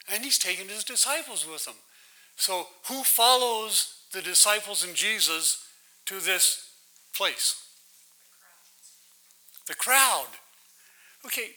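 A man runs a Bible study as an interactive sermon, talking conversationally, posing questions to the audience and repeatedly asking "right?". His voice is high-pitched, pushed and bright, captured in poor audio.

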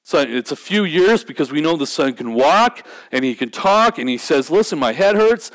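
A man's voice: a little high, animated, moderate pace, fairly bright tone. A man preaching a sermon in a conversational way. He often repeats words and restarts his sentences. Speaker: pastor.

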